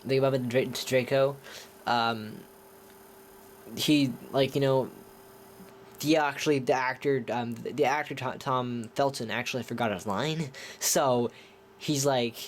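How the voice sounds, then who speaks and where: A man's voice: medium pitch, fairly even intonation, unhurried, slight background noise. A man giving a casual movie review, rambling with many restarts and talking enthusiastically. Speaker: film reviewer.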